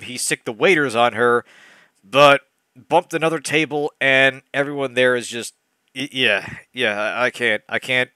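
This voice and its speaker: Sarcastic male host, bright sharp voice, riffing with exasperation through a comedic read-along. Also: mid-range voice, no room sound.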